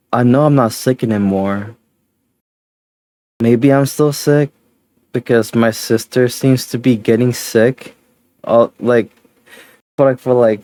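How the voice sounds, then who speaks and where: A man's voice: medium pitch, dark tone. A tired, sleepy male streamer winding down his stream in casual chat, rambling and restarting his sentences. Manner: rambling, halting, with many restarts and fillers.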